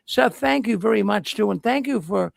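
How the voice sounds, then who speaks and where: A man's voice: sits high, lively intonation, moderate pace, gravelly, dry recording. An older man hosting a casual livestream, making folksy, rambling announcements. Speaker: host.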